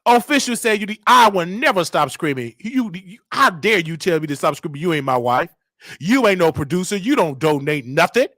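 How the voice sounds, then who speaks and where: A man hosting his own live show, shouting and preaching at his listeners and scolding them for not donating. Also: high-pitched, sing-song, normal speed, no echo. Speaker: show host. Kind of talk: loud live-stream commentary.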